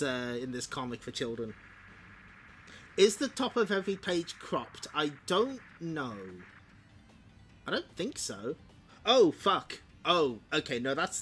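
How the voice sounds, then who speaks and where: A man's voice: a little high, very animated, unhurried, fairly bright tone, a little hiss or hum. Chatty man reading comics on stream. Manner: chatty, laughing asides. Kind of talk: casual comic read-along commentary.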